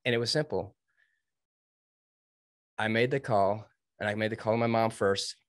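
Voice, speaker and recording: Guy in his 30s telling his story, earnest and punchy, kinda low voice, dry close sound. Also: moderate pace, no echo. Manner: earnest, emphatic, quotes himself and others. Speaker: guest, Navy veteran. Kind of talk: storytelling interview.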